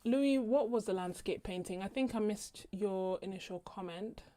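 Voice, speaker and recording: A woman's voice: medium pitch, moderate pace, dark tone, no room sound. A young British woman chatting casually on a live stream while she swatches paints, laughing often and thinking aloud. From Britain. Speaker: art channel host.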